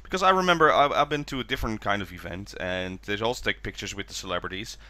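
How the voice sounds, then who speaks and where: Guy asking questions, bright forceful voice, restarts a lot, dry sound. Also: on the low side, fast talker, no echo. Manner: asks questions, hesitant restarts. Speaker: podcast co-host. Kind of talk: casual chat.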